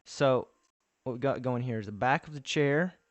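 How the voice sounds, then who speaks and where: A man's voice: mid-range voice, normal speed, no room sound. A man chatting casually on a live stream while he builds, thinking aloud with restarts and answering his viewers' messages.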